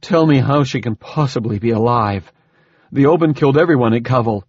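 A man's voice: mid-range voice, brisk, a little mellow, husky, no echo, highs cut off, lightly acted. Casting: wry, pained captive man, terse and sarcastic, voiced by a male narrator. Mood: wry, strained.

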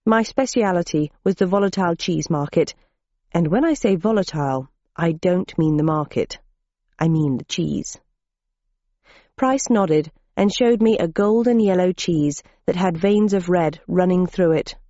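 A woman's voice: on the low side, animated, a little slow, warm tone, no echo. A woman narrating an audiobook in first person, with dry, wry storytelling on a dull lo-fi recording.

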